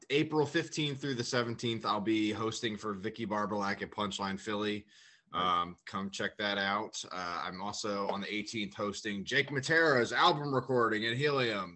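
Give me a man guesting on a podcast, self-mocking and quick to laugh, with a bright edge. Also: on the low side. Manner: laughs often, self-deprecating. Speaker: comedian guest. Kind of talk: casual chat. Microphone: computer mic on a call.

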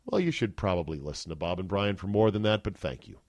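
A man hosting a sports podcast, talking casually with a wisecracking, profane, animated manner. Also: deep voice, fast talker, hardly any pauses, no room sound, clean studio sound. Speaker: podcast host.

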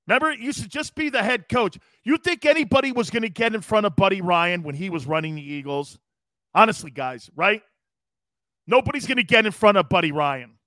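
Expressive and fairly quick, this East Coast US man has a high-sitting, bright, forceful voice with no echo. He hosts a sports talk show, riffing casually in a brash, jokey manner, reading chat comments aloud and laughing often.

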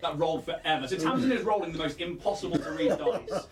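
A man's voice: a little high, quick pace, reverberant, recorded from a distance, a loud crowd. A man narrating a tabletop game as game master, chatty and casual with many fillers.

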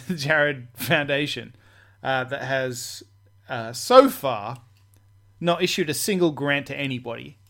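A man's voice: medium pitch, slow pace, fairly bright tone. A man hosting a casual podcast chat who laughs often and keeps restarting his sentences. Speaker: podcast host.

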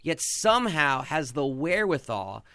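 A man's voice: a little high, very animated, normal speed, sharp tone, dry recording. A man hosting a podcast, giving passionate, sarcastic sports commentary. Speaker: podcast host.

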